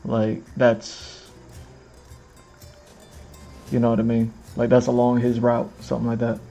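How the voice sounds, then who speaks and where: A man talking loosely on a live stream, circling back and repeating himself with plenty of fillers, his voice sitting at an ordinary middle pitch. Faint music plays behind him as he talks to the camera under bright lights in a room. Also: monotone, measured pace, creaky. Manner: rambling, repeats phrases, many fillers. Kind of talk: casual livestream chat. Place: indoors in front of a camera with lights.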